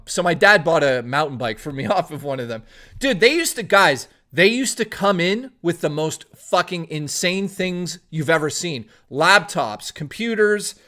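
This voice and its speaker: A young man from Toronto streaming, telling a long story in a rambling, animated way, swearing freely. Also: a little high. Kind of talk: casual storytelling on a live stream.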